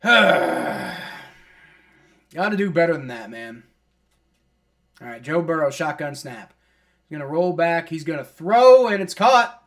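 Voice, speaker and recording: A man with a slightly high, bright voice and lively intonation streams play-by-play of a football game as a fan, speaking unhurriedly with long pauses. He's exasperated, griping at the refs and players, swearing casually and leaning on fillers like "like."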